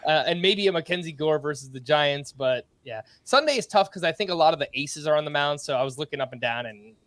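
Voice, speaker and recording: Male podcast host, casual and brisk, slightly higher voice, dry close mic. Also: expressive, a bit bright, dry recording. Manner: brisk, laughs often, reads through stat updates. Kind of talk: casual sports podcast chat.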